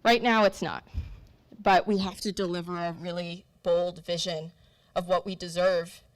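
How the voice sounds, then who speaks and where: Young woman candidate at a forum, heartfelt and halting, slightly low voice. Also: little pitch movement. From New Jersey. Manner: emotional, earnest, many fillers and restarts. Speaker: congressional candidate. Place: event room with food.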